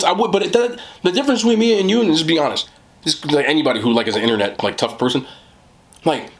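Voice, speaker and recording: A young man ranting to viewers in a mukbang vlog, with a somewhat high voice. His pitch swings widely from low mutters to high laughing jabs, and he swears freely and keeps saying "bro". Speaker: mukbang creator. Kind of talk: casual vlog rant while eating.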